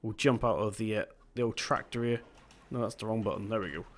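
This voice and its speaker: A man's voice: fairly low pitch, a little fast. A young man giving casual let's-play commentary as a gaming video host, chatty and rambling, often stopping to correct himself.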